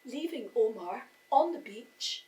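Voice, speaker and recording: A woman telling a folk tale to a live audience, slow and expressive, voicing the characters as she goes. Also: a little high. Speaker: storyteller. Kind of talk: live oral storytelling. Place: live storytelling event. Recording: echoey room, voice from far off.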